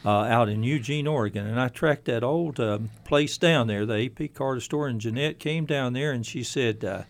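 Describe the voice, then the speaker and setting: A man's voice: medium pitch, moderate pace. A man hosting a casual conversation show, talking in a rambling, anecdotal, friendly way. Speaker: host. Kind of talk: casual chat.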